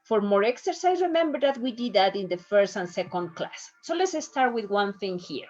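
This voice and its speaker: A woman teaching a recorded online lesson, enunciating words slowly and deliberately. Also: mid-range voice, expressive, darkish tone. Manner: slow, careful delivery, stretches out example words; clear, deliberate enunciation of each syllable. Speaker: Spanish teacher. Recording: dull lo-fi recording.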